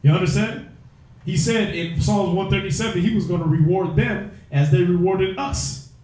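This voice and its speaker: A man teaching scripture in loose, profane street talk, blunt and openly mocking. His voice sits a bit high with a mellow, dark tone. It rings in a heavily echoing room. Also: normal speed. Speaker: teacher of a religious group. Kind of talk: preaching in casual street talk. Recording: very echoey room.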